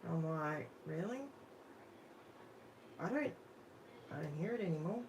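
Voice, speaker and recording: A woman's voice: low-pitched, animated, normal speed, noisy background. A middle-aged woman with an Australian accent, chatting casually with viewers on a live craft stream in her home craft room. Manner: chatty, talks straight to viewers in the chat while crafting. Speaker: craft channel host. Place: home craft room under overhead lights.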